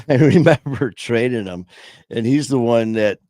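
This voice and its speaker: A man's voice: mid-range voice, unhurried, darkish tone, no room sound. A middle-aged man telling a long story in a casual chat, rambling with many fillers. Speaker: podcast host and former trainer.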